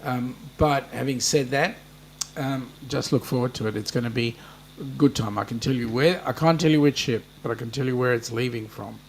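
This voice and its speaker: A man's voice: mid-range voice, a little fast, a little hiss or hum. An Australian man hosting a casual live-stream chat, reading out viewers' comments and answering them with plenty of ums and a friendly matey manner. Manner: chatty, addresses viewers by name, many ums.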